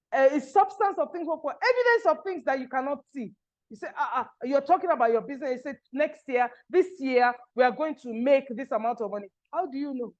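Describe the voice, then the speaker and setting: A woman's voice: high voice, muffled recording. A woman giving a motivational business talk with an emphatic, preaching cadence over a video call. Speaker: business speaker.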